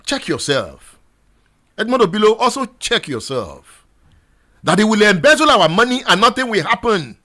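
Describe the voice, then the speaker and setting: A Nigerian radio host with a high, bright voice pleads and exhorts his audience. His pitch swings widely as he repeats his lines and builds to shouting. He speaks from a studio mic. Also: big pitch swings, normal speed, pauses often. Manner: exhorting, repetitive, rising to shouts. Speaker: radio talk show host. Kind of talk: impassioned radio monologue.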